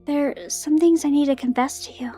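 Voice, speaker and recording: Girl reading a shaky young woman on a late-night call, slow and unsure, highish voice, bit of game music behind. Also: fairly even intonation, warm tone, close to an everyday voice. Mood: hesitant.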